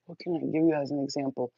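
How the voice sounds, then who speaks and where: A woman in her forties tells stories to her phone camera in a husky, slightly rough voice. She is blunt and crude and breaks into laughter often. The sound is dry and dull, like lo-fi phone audio. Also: low voice, mellow, dry recording. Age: 40s. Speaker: channel host. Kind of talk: candid storytelling to camera.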